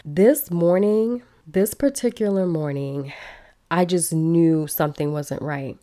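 A woman in her thirties, from Belize, telling a personal story in an animated, conversational way and talking straight to her listeners. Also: fairly low pitch, takes it slowly. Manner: animated, conversational, laughs while telling, addresses listeners as y'all. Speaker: podcast host.

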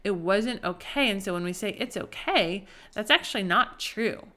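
Woman, 30s, host of a Christian parenting show, chatty and sincere, mid pitch. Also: moderate pace, sharp tone. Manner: earnest, conversational, with frequent "like" and "right?". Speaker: podcast host. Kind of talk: faith-based parenting talk.

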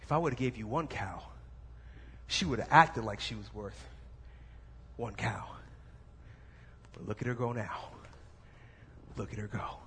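A man doing a stammering young prince. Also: a bit bright. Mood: firm. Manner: shifts from stammering to deep, firm and slow. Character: young male prince, nervous turned bold suitor. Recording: echoey hall, faint room noise.

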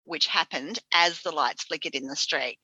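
A woman's voice: low voice, moderate pace, pushed and bright, husky, dry recording. A woman hosting a casual conversation, telling her own ghost stories in a chatty, laughing way. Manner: chatty, laughing, matter-of-fact storyteller. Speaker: podcast host. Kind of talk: casual chat.

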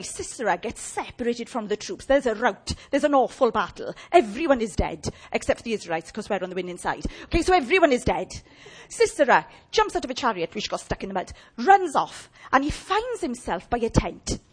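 A woman preaches with a lot of animation, her pitch leaping up and down. Her voice sits a little high and has a husky, breathy edge. She keeps things chatty and joking with the congregation. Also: normal speed. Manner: animated, humorous, chatty with audience. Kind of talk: lively sermon.

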